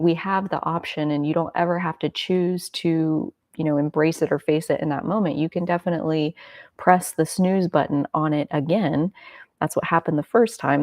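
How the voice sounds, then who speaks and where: A woman's voice: sits low, a little mellow, dry recording, clean studio sound. A woman hosting a casual spiritual self-help talk, reflective and rambling, with many filler words. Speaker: host.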